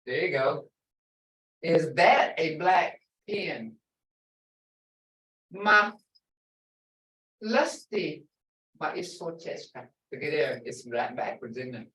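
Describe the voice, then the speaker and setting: A woman's voice: sits low, animated, drawn-out words, long pauses, fairly bright tone. An older woman teaching a language lesson, stretching out example words for emphasis. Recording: echoey room, voice far from mic.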